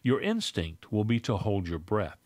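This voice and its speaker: A man reading a scripted lesson on public speaking in a measured, instructive way. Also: lowish voice, huge pitch swings, darkish tone, no room sound.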